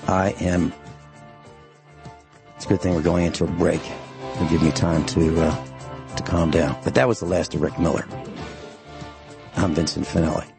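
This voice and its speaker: A man's voice: sits low, fairly even intonation, normal speed, creaky, pauses often, over music. A man hosting a radio talk show from a studio mic, lecturing sternly and emphatically and repeating his points.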